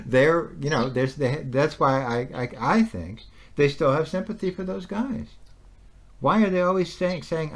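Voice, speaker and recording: A man in a heated conversation, agitated and repetitive. His voice sits fairly high and swings widely in pitch. He keeps circling back to rhetorical questions and laughs between points. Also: animated, slow pace. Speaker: conversation partner.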